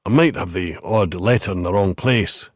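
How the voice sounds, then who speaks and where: A man's voice: low voice, normal speed, breathy edge, no room sound, studio quality. A man voicing a terse, wry veteran male police detective in an audiobook. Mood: dry.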